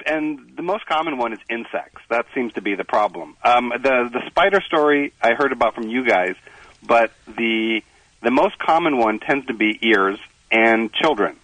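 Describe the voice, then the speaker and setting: Male surgeon phone guest, lively self-mocking storyteller, dry close sound. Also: medium pitch, moderate pace, no echo, poor audio. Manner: animated, self-deprecating anecdotes with laughs. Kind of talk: casual storytelling on a radio show. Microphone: phone line.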